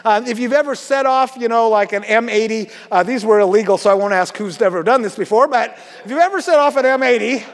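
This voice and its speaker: A man's voice: extremely high pitch, fast talker, few pauses, long reverb tail. A man preaching a sermon to his congregation in a church, chatty and joking, with lots of fillers. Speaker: pastor. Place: church sanctuary.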